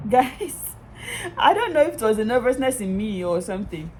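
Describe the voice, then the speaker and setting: Animated young Nigerian woman vlogging. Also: fairly high pitch, normal speed, slight background noise, poor audio. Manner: animated, exasperated retelling with laughs. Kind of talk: casual vlog storytelling. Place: outdoors at a bus stop.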